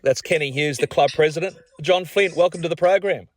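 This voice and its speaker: A man's voice: a little high, fairly quick, dry recording. A man with an Australian accent hosting a radio sports show, asking upbeat leading questions. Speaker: radio host. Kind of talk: radio interview.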